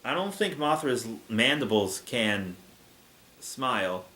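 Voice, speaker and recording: Man, comedic fan fiction reading, sarcastic asides, animated voice, roomy echo. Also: medium pitch, slow pace. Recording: echoey room.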